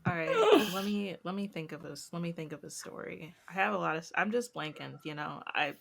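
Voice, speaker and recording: A young woman co-hosting a casual podcast, telling a funny family story and acting out the quotes in a high, animated voice. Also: brisk, creaky, background noise. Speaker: podcast co-host.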